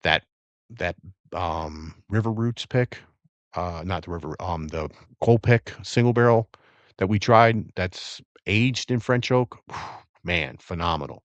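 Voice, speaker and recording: A middle-aged man from the Virginia area hosting a casual livestream, talking in a relaxed, rambling way as he tastes and reacts. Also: sits low, slow, dry recording, dull audio. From Virginia area, USA. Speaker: bourbon livestream host. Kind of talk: casual live-stream chat.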